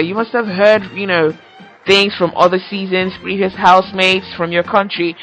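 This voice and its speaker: Young woman host, bright and forceful, loose teasing chat delivery over soft background music. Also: mid-range voice, rough recording. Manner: chatty and teasing, laughs often. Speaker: podcast host. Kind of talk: casual solo podcast chat.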